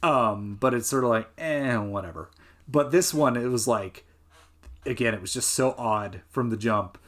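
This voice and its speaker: A man's voice: medium pitch, moderate pace, a bit bright. A man co-hosting a podcast, talking casually about a movie in a rambling way, with many fillers and restarts. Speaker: podcast co-host. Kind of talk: casual film discussion.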